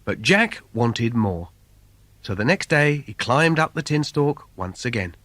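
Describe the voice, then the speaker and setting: A man's voice: medium pitch, animated, measured pace, fairly bright tone, no echo. A man reading a comic fairy tale for children in a playful, sing-song storyteller manner. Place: recording studio. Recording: dry studio recording.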